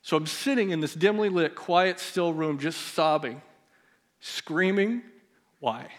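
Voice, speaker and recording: Guy pastor preaching in a church, kinda high voice, goes real quiet telling his story. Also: unhurried. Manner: personal storytelling, drops to a hush at emotional moments. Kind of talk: sermon. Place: church sanctuary.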